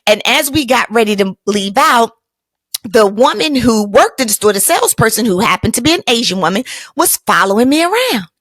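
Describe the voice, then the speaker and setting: A woman's voice: fairly high pitch, big pitch swings, brisk, a bit bright, no echo. A woman hosting a podcast, telling a personal story in an emphatic, colloquial, motivational way. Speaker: podcast host.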